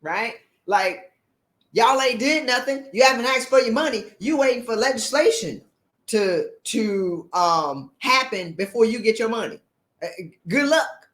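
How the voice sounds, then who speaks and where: A woman's voice: on the high side, expressive, a little slow, a bit bright, reverberant. A woman leadership coach giving a motivational talk, blunt and emphatic, firing off rhetorical questions in sassy, colloquial speech.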